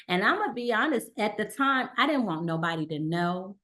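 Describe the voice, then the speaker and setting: A woman guest on an interview show, telling her personal story in a halting way with restarts and quoted dialogue. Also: medium pitch, big pitch swings, fairly bright tone. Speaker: guest, cancer survivor.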